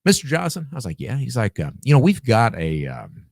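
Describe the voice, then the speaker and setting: A man's voice: mid-range voice, a little fast, gravelly, no room sound, studio quality. A man guest on a podcast, telling a story casually, acting out the dialogue and swearing freely. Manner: animated, acts out quoted dialogue, swears freely.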